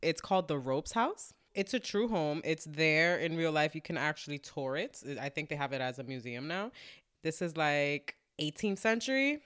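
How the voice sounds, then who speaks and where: Woman podcast co-host, slightly low voice, easygoing trivia sharer. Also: expressive, normal speed, a bit bright, smooth. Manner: chatty, offers trivia. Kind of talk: casual movie chat.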